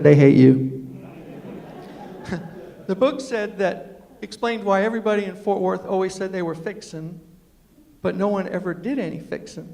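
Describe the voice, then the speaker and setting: A middle-aged man tells comic stories to a university audience. He is animated and acts out the people he quotes. His voice sits fairly high and carries a long reverb from the lecture hall. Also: a little hiss or hum. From New York City. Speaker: storyteller and humorist. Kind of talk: comic storytelling talk to a live audience.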